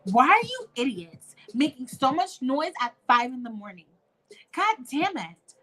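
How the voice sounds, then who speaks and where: A woman's voice: high voice, lively intonation, takes it slowly, pushed and bright, voice pushed up, heavily acted. A woman voicing an anxious, short-tempered young mother calling out for her daughter. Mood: irritated.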